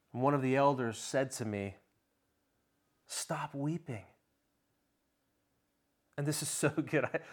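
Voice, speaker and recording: A man preaching a sermon, swinging between soft, low passages and loud, ringing ones, with slow, dramatic pauses. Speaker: pastor.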